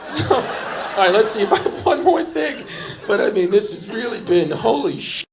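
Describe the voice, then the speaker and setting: A man's voice: high voice, sing-song, background noise. Brash man doing crowd work on stage. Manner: brash, teasing, quick jokes to audience members. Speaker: stand-up comedian. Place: comedy club stage. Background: audience laughter.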